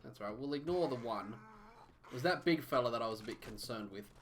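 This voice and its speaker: A man's voice: mid-range voice, expressive, a little fast, slight background noise. A man casually narrating his live gameplay, muttering to himself, swearing and chatting to viewers. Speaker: game streamer.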